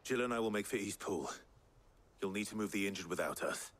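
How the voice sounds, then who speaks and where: An actor playing an earnest young male warrior hero in a video game, with a husky voice. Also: lowish voice, a little fast, fairly bright tone, natural voice.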